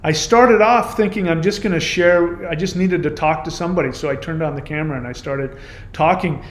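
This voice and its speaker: A man hosting his own channel, delivering an impassioned reaction monologue in an emphatic, indignant, repetitive way. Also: a little high. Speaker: YouTube channel host. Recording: roomy echo.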